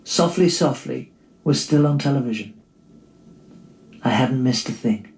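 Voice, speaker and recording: A man reading aloud from his own memoir in a wry, gently comic storytelling manner. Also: mid-range voice, lively intonation, unhurried, roomy sound.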